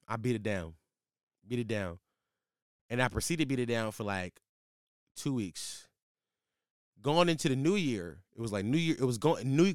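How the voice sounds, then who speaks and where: A man in his twenties telling a casual, profane story in slang, with his voice jumping high when he gets exasperated. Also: smooth, no echo, studio quality.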